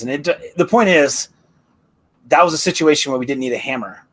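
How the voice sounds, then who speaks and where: A man's voice: medium pitch, brisk, fairly bright tone. A man on a casual live panel talk who argues emphatically and drives his points home by repeating them. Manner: emphatic, hammering repetition.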